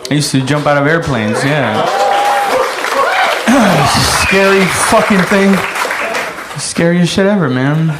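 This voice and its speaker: A man telling a profane stand-up story and breaking into loud, shouted impressions. His voice sits high for a man. The recording is echoey and has a lot of noise. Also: animated, takes it slowly, pauses often, a loud crowd. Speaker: stand-up comedian. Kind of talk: stand-up routine.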